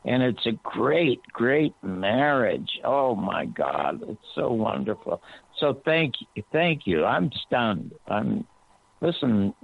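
A man on a talk radio show telling an animated story, his voice climbing high when he quotes himself. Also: slow pace, vocal fry, husky. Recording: tinny phone-line sound, dry.

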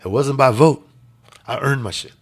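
A man's voice: mid-range voice, normal speed, breathy edge. A man telling a personal story in a casual interview, blunt and emphatic with some swearing. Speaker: podcast guest.

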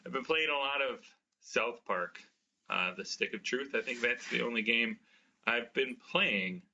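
A man's voice: medium pitch, a little slow, gravelly, pushed and bright, dull audio, a little hiss or hum. An American man co-hosting a podcast, chatting casually and joking about himself, often laughing. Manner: self-deprecating, laughing often. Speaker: podcast co-host. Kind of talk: casual chat.

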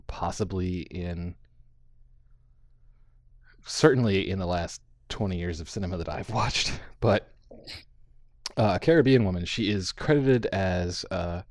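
Low-voiced man discussing films. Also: no room sound. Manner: animated, acts out quotes, frequent fillers. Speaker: podcast host. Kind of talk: casual film discussion.

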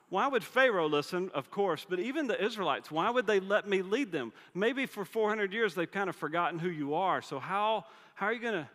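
A man's voice: high-pitched, fairly bright tone, pitched above the performer's own voice. A man voicing an anxious, self-doubting man pleading with God, his questions tumbling out. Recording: long hall reverb.

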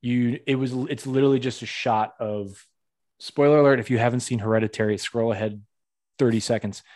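A young man from Western Massachusetts with a light local accent hosts a casual podcast chat. His voice sits in an ordinary middle register, and his stories come out lively and animated. He acts out other people's lines as he goes. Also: mid-range voice, a little fast. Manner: animated storytelling, acting out quotes. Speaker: podcast host.

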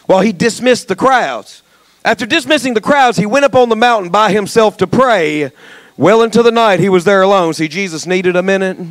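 A male pastor preaching a sermon, jumping from folksy jokes to shouted exhortation. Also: high-pitched, dry recording. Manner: passionate, swings from quiet asides to shouted exhortation; folksy, joking asides. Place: church sanctuary.

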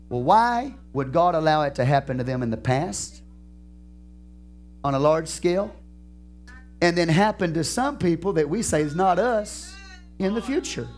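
Impassioned pastor with a lively, swinging pitch. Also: male voice, faint music behind. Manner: impassioned preaching that swings between shouted peaks and slow drawn-out phrases. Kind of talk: sermon. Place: church.

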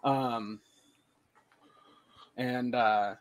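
A young man co-hosting a podcast, telling rambling stories full of swearing. His pitch sits in a middle range. The sound is dry and close, with no room around it. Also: fairly even intonation, drawn-out words, dry recording. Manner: profane, rambling storytelling. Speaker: podcast co-host. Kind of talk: casual chat.

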